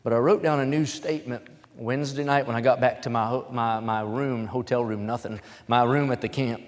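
A man preaching from the pulpit, telling his story plainly and then rising into loud, emphatic reading of scripture. His voice has a middling pitch, and the sound rings with the long reverb of a large hall. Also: fairly even intonation, a little fast. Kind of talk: sermon.

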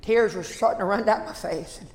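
A man, a pastor telling a folksy story in a sermon that builds to shouted passion. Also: sits high, fairly quick. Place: church sanctuary. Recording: echoey church hall.

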